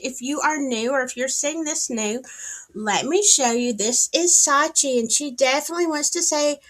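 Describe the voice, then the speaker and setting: Southern female host, livestream hangout; bright, animated, slow-paced, sassy. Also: sits high. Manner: chatty, greets viewers by name, sassy asides. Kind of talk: casual livestream chat. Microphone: streaming setup, wired in.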